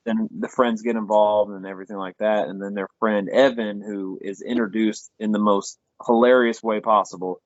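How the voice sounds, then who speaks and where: A man's voice: lowish voice, fairly even intonation, normal speed, hardly any pauses, dry recording. A man co-hosting a film review podcast, rambling through the plot with acted-out quotes and casual swearing. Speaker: podcast co-host. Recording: dull lo-fi dry podcast sound.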